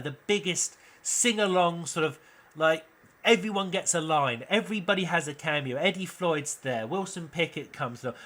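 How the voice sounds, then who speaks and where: Bright-voiced British man telling a story. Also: on the high side. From United Kingdom. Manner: acts out the quoted lines in raised voices. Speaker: channel host pitching a film idea. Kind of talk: animated storytelling monologue.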